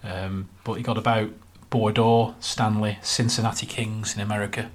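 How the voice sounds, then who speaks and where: Low-voiced man listing names casually. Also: level tone, moderate pace. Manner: reels off lists of names with fillers. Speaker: podcast co-host. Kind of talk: casual football podcast chat.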